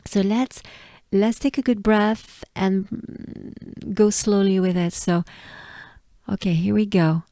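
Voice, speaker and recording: A woman with a French accent leads a pronunciation lesson at a very unhurried pace, drilling each sound again and again with patience. Her voice is mellow and warm, recorded close and dry with no room around it. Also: mid-range voice, no echo. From France. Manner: patient, drills words by repeating them. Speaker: pronunciation teacher.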